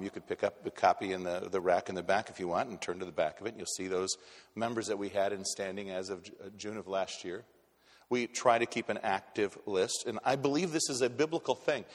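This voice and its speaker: Man preaching blunt in a reverberant church. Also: on the low side. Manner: blunt, conversational preaching with frequent restarts. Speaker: pastor. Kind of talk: sermon. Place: church sanctuary. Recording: long hall reverb in a church.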